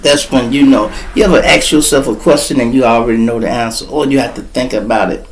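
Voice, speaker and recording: A man, hosting his own channel and telling a profane, animated story in casual talk. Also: quick pace, a little hiss or hum, poor audio. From Chicago. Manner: profane, animated storytelling, gets loud and high when excited. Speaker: vlog host.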